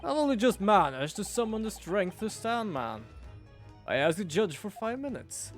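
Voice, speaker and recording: A man's voice: sits high, big pitch swings, moderate pace, faint music behind, pitched above the performer's own voice. A man voicing a flamboyant, theatrical male detective in a video game. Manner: grandiloquent, formal, theatrical.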